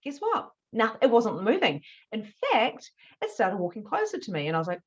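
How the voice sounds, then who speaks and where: A woman, a spiritual mediumship teacher telling a candid story to camera, animated and swearing freely. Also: fairly high pitch, normal speed, husky, highs cut off. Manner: animated, swears freely, acts out her own past reactions.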